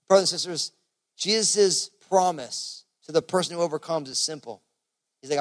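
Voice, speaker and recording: A man's voice: on the high side, normal speed, fairly bright tone. A man preaching a sermon as pastor in a casual, conversational way, full of fillers like "you know". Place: church service.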